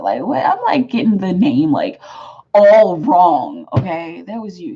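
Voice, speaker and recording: A woman's voice: lowish voice, animated, a little slow, gravelly, dark tone, dull audio. A woman giving a live tarot reading to her viewers, emphatic and affectionate, repeating her phrases for weight. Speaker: tarot reader.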